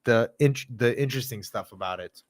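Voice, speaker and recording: A man who is a comedian guest on a casual podcast, animated and slangy, mocking what he dislikes. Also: medium pitch, fairly quick.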